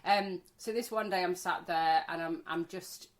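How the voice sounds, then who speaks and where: A middle-aged woman co-hosting a podcast, telling holiday stories in a chatty, animated way and swearing freely. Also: fairly low pitch, moderate pace. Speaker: podcast co-host. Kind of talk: casual chat.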